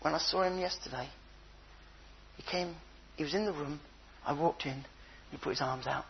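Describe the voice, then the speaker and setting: Older man preaching, high husky voice, animated storytelling, slightly dull recording. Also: moderate pace, slight background noise. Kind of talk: sermon.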